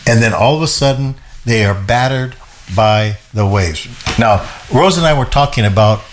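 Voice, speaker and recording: A man co-hosting a show, teaching and explaining a Bible passage in a lively way, often repeating himself and laughing. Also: mid-range voice, moderate pace, a little hiss or hum.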